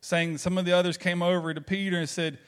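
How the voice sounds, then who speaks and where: A pastor with a Southern American drawl delivers a sermon in a relaxed, storytelling way. His voice sits a little high for a man, and he keeps asking the congregation rhetorical questions. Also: quick pace, clear, resonant tone. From Southern United States.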